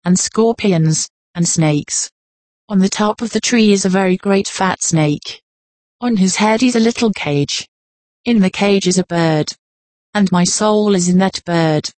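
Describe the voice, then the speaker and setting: A woman reading folklore aloud as scripted narration at a measured, even pace. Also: mid-range voice, dry recording.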